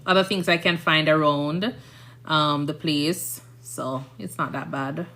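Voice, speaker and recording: A woman's voice: sits low, fairly even intonation, slow, sharp tone. A woman in her thirties with a Jamaican accent, a nurse chatting casually on a live stream, rambling and often asking "you understand?".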